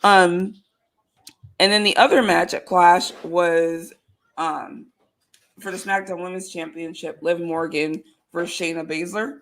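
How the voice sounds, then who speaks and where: A woman with a slightly low voice co-hosts a relaxed podcast chat. She rambles easily and fills her pauses with um and uh. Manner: relaxed, lots of fillers like um and uh. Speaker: podcast co-host. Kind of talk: casual chat.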